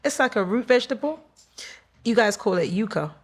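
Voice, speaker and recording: A woman in her forties with a London accent chats casually as a podcast guest. She talks in an animated way, laughs often and switches into high voices to quote people. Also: brisk. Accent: London English. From London, England. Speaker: guest singer.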